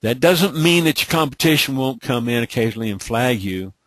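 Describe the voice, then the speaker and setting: A man's voice: mid-range voice, lively intonation, fairly quick, a bit bright, no echo. A middle-aged man from Texas with a light Texas accent hosts a live training webinar, talking in a drawling, repetitive way and often asking "okay?". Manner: repetitive, drawling, many "okay?" check-ins. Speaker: webinar host.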